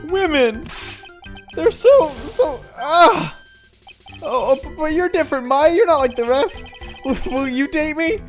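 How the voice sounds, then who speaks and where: A woman doing a brash, loud young guy. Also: sits high, slow, faint music behind, pitched above the performer's own voice. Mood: whiny. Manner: loud, stammering, excitable.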